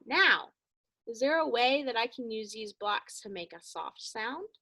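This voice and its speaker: A woman teaching young children a phonics lesson, speaking slowly and encouragingly and calling them friends. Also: on the high side, lively intonation, vocal fry, sharp tone.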